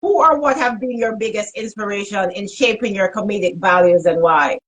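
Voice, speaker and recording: A woman's voice: mid-range voice, moderate pace, poor audio. A woman hosting an interview on a video call, encouraging and promotional. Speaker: host. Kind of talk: interview host.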